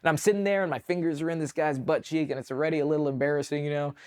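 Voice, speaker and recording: A man's voice: on the high side, steady tone, very fast, darkish tone, clean tone. A man from the United States, a veteran guest on a podcast, telling war stories in a loose, rambling way full of "like" and restarts. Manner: rambling, filler-heavy, lots of "like". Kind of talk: casual war storytelling.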